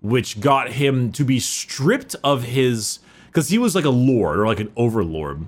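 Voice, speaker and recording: A man's voice: medium pitch, lively intonation, a little slow. A man co-hosting a podcast, chatting casually about a book with frequent restarts and fillers. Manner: rambling, many restarts and fillers. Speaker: podcast co-host.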